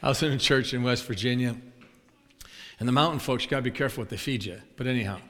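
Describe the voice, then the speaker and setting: A traveling preacher speaks fast in a medium-pitched voice, his sermon ringing with the long reverb of a large church sanctuary. Animated throughout, he tells humorous stories, acts out scenes and laughs softly at his own jokes.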